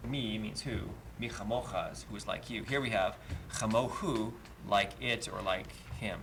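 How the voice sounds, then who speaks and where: A man leads a live study class, patient and methodical, with plenty of ums. His voice is low and gravelly. The stream recording has a faint hiss. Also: normal speed, few pauses, a bit bright. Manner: patient, explains step by step, many "um"s. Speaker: Hebrew teacher. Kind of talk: live Bible language class. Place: congregation classroom.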